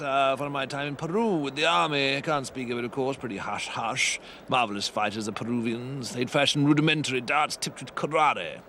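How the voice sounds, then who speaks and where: A man doing a pompous old aristocrat commentating on sport in a plummy upper-class English accent. He rambles in an offhand, callous way, his voice bright and forceful. A faint background noise sits under the voice. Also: mid-range voice, close to an everyday voice. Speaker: comedy voice-over commentator. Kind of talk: improvised comic commentary over old footage.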